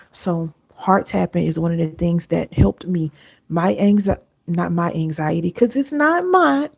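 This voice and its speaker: A woman's voice: on the low side, moderate pace, vocal fry, a little mellow, slightly rough. A woman hosting a live stream, talking earnestly and chattily to her viewers and calling them y'all, on a sensitive close mic. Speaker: wellness coach hosting a livestream.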